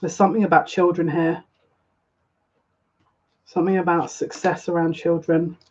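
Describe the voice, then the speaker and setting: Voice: mid-range voice, flat delivery, normal speed, darkish tone. A tarot reader giving a live reading in a casual way. They often repeat phrases and keep saying "yeah, look.". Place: home room, lighting incense. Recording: dull lo-fi with faint noise.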